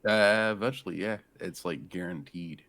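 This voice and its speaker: Deep-voiced joking man. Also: moderate pace, fairly bright tone, no room sound. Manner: joking, laughing, coughing and sniffling. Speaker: podcast co-host. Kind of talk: casual chat.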